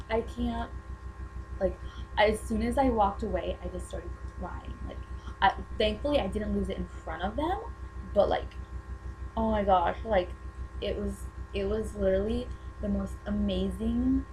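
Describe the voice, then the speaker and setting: A young woman chatters to the camera about meeting her idols, gushing in quick valley-girl bursts packed with "like". Her voice sits at an ordinary middle pitch, with a faint hum in the background. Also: dark tone, rough recording. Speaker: vlogger. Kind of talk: excited fan storytelling to camera.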